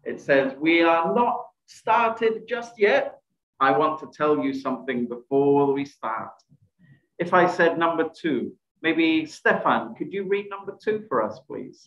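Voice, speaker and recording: A man with a fairly high voice runs a presentation skills workshop over a video call, quizzing the group and praising their answers. His audio sounds echoey and dull, like a roomy call mic. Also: expressive, normal speed, a bit bright. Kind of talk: online workshop teaching. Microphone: video call microphone.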